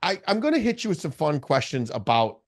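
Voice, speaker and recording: A man's voice: fairly high pitch, sing-song, a little fast. A man hosting a casual podcast interview, earnest and self-reflective as he asks direct questions. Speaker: podcast host.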